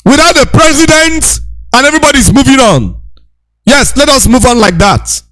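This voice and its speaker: A man giving a preachy, impassioned lecture, repeating his points and shouting rebukes. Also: very high-pitched, animated, normal speed, dry recording.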